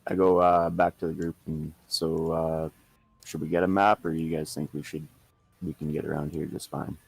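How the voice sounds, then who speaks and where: A man's voice: a bass voice, flat delivery, moderate pace, gravelly, slightly rough. A man casually playing a tabletop game, talking in hesitant stumbling phrases. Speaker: player.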